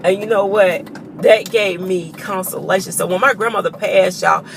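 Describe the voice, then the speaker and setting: A woman's voice: medium pitch, normal speed, creaky, background noise. Tearful woman sharing a testimony. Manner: emotional, earnest, addresses viewers as y'all. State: choked up with tears. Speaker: vlogger. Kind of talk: personal testimony to viewers.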